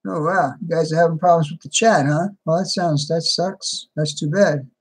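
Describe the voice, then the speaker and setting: A man's voice: fairly high pitch, steady tone, normal speed, slightly rough. Casual man greeting his stream viewers. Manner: reads out viewer names and replies to chat. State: a little tired. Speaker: livestream host.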